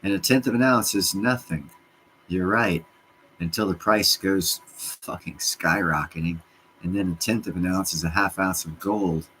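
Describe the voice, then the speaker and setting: Answering his chat during a casual livestream, a very deep-voiced man speaks at normal speed, swearing heavily, getting excited and rambling from topic to topic. The recording is low-quality, and a faint hiss lies under his voice.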